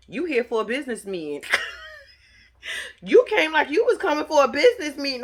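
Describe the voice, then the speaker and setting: Bright-voiced woman in a profane vlog rant. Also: a little high, moderate pace, husky. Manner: animated, profane, trash-talking. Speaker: vlogger recapping a reality show. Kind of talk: casual commentary vlog.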